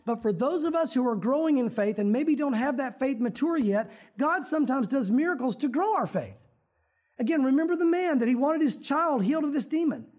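This pastor's voice is very high-pitched yet a little mellow, with lively intonation and a brisk pace. His sermon is relaxed and chatty, treating the congregation like old friends, and he drops into theatrical prayer voices to make his points.

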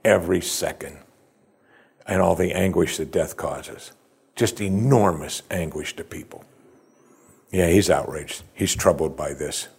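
A man's voice: low-pitched, measured pace, gravelly, darkish tone, slightly rough. A male pastor preaching a sermon in a conversational, expository way, with emphatic rises.

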